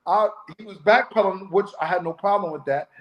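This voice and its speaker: High-voiced loud ex-cop man. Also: fairly quick, dull audio. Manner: loud voice, acts out quoted speech. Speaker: former police officer. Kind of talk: casual podcast conversation.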